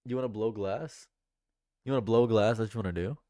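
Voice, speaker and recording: A man's voice: on the low side, fairly even intonation, fast talker, mellow, no echo, clean studio sound. A man streaming casual commentary, joking and chatting as he reads and answers his chat.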